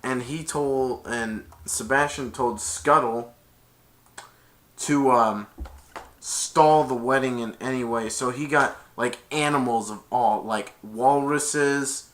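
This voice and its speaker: Casting: male reviewer, bright tone, rambling plot recap with self-corrections. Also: mid-range voice, slow. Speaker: movie reviewer. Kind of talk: casual movie recap.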